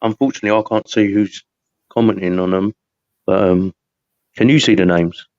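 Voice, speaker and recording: A man's voice: on the low side, fairly even intonation, moderate pace, darkish tone, no room sound, lo-fi sound. A man from the UK hosting a live podcast, rambling and chatty, laughing often. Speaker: podcast host. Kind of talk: casual live podcast chat.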